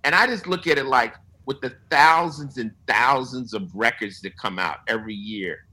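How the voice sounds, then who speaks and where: A man's voice: medium pitch, moderate pace, poor audio. A man guesting on an interview, telling stories casually and profanely, acting out what others said. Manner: profane, animated storyteller quoting others. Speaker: guest musician.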